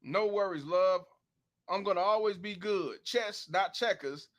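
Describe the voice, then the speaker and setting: A man hosting a livestream, commenting on a clip in profane slang and reading out viewer donations. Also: sits high. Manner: profane, drawn-out, preachy slang. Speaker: host.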